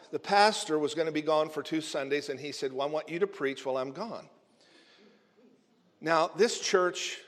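A man who is a minister telling a humorous story in a sermon, animated and often chuckling as he talks. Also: a little high. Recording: long hall reverb.

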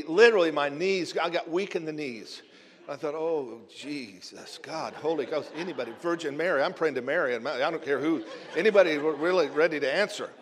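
Male minister, fairly high voice, telling a lively story in a sermon; long hall reverb. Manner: animated storyteller, chuckling as he talks.

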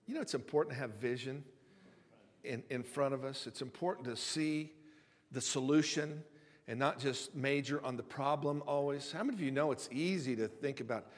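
A pastor delivering a sermon in a conversational way, stumbling over and repeating words and retelling stories with humor. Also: male voice, medium pitch, moderate pace. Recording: long hall reverb.

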